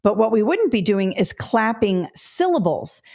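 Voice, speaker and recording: A woman's voice: mid-range voice, very animated, measured pace, creaky, darkish tone. A middle-aged woman teaching a test-prep webinar, explaining step by step, correcting herself and talking straight to viewers. Her throat is a little dry. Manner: explanatory, self-correcting, addresses viewers directly. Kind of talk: webinar lesson.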